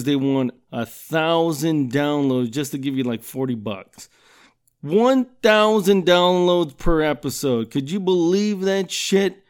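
A man's voice: a little high, smooth. A man hosting his own podcast, telling crude comic stories, swearing constantly and asking you know what I'm saying. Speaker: podcast host. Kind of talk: profane comedic storytelling.

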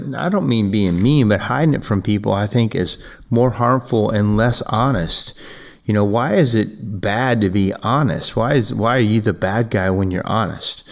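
A man's voice: on the low side, creaky. A man who owns a business and hosts a podcast, telling a casual, rambling story full of "you know" and restarts. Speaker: business owner hosting a podcast.

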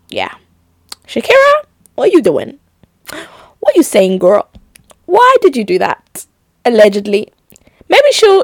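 A young woman hosting a solo podcast, chatty and opinionated, her pitch jumping high when she makes a point. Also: no echo. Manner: chatty, gossipy and opinionated, with lively pitch jumps. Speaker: podcast host. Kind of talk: casual solo podcast chat.

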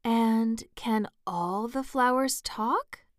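A woman's voice: a little high, very slow, dry recording, studio quality, pitched above the performer's own voice. A woman voicing Alice, a polite, curious young girl, in a storybook reading, speaking in a questioning way.

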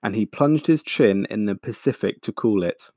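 A man reading a children's storybook aloud, slow, expressive and dramatic. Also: on the low side, no room sound, studio quality. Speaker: audiobook narrator.

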